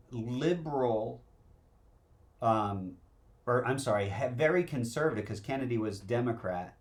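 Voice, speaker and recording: A man co-hosting a talk show, chatting casually and laughing often. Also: medium pitch. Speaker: co-host.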